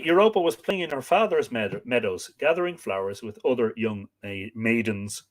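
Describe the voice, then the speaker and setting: A man hosting a live stream, reading old myths aloud, chatting with viewers and stopping to work out pronunciations. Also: mid-range voice.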